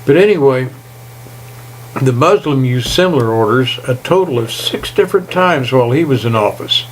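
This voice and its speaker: A man's voice: medium pitch, animated, poor audio. Folksy older man ranting, faint hum. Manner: folksy, reads haltingly, indignant. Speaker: political commentator. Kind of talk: opinion rant to camera.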